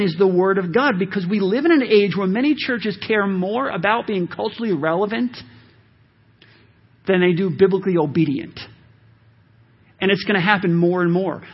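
A man's voice: high voice, husky. A man preaching a sermon to his congregation, with a conversational, emphatic delivery and frequent asides to the listeners. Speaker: pastor. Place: church sanctuary. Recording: dull lo-fi sermon audio.

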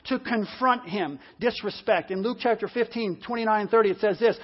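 A man preaching a sermon, animated, acting out the lines of the story's characters. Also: extremely high pitch, fairly quick, few pauses. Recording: dull lo-fi audio.

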